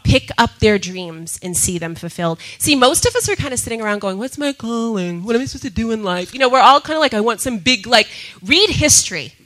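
Bright-voiced woman telling an excited story. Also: fairly high pitch, brisk, hardly any pauses, poor audio. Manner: laughs often, excitable, repeats herself. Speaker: speaker sharing a testimony. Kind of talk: animated personal storytelling.

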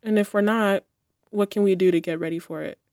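A woman hosting, reading out measured questions to the panel. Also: mid-range voice, fairly even intonation, a little mellow, no room sound, studio quality. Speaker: host.

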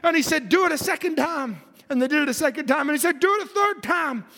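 High-pitched fervent male preacher. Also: expressive, quick pace. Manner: fervent, reads scripture aloud, shouts at peaks. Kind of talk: sermon. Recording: long hall reverb.

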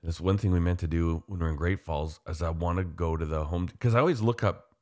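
A man from Canada with a very deep, low voice talks in an easy, rambling way. He is enthusiastic and full of fillers as he chats casually. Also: a little fast. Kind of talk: casual chat.

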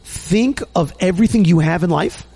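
Podcast host, man, animated chat, high and gravelly. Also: moderate pace. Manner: animated, chatty, warm religious Jewish talk with Hebrew terms. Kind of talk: casual chat and read sponsor ad.

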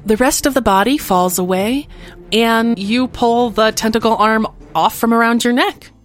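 A woman's voice: on the high side, normal speed, faint music behind. A woman narrating as game master of a tabletop game, patiently explaining the rules.

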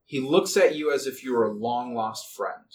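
A man's voice: medium pitch, normal speed, a little mellow. Rambling male game master, distant mic. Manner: rambling, filler-heavy, restarting. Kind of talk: narrating a tabletop game. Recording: distant mic, faint background noise.

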